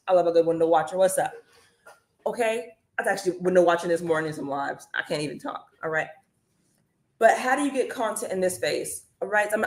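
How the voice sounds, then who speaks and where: An energetic woman talks straight to her live-stream viewers, chatty and upbeat as she teaches. Her voice sits in a middle pitch. The sound bounces around an echoey room. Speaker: online business coach.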